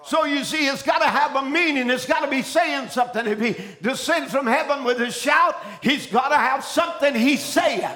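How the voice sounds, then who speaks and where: A man preaching a fiery sermon, shouting his points, calling out to the congregation and often repeating and restarting phrases. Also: extremely high pitch, moderate pace, hardly any pauses. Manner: preaching with shouted exclamations and call-and-response.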